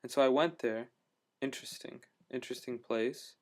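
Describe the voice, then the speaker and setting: A man's voice: mid-range voice, steady tone, moderate pace. A man telling a travel story in a casual video diary, rambling with lots of fillers and restarts, enthusiastic about what he saw. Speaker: travel vlogger.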